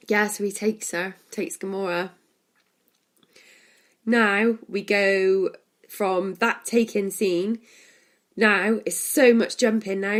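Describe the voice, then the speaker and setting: Chatty woman reviewing films. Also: medium pitch. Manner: chatty, laughs often, retells scenes with quoted lines. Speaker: podcast co-host. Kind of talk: casual film review chat.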